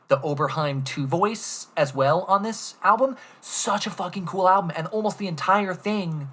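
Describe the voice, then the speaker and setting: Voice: medium pitch, moderate pace, fairly bright tone. A young streamer ranting casually to chat about albums, enthusiastic and rambling, swearing often.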